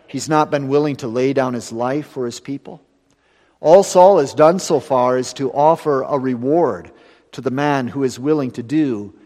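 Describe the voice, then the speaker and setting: A man with a mid-pitched voice preaches an earnest Sunday sermon, rising to emphatic, ringing lines and then dropping to hushed endings. The church around him leaves a long reverberant tail on the sound.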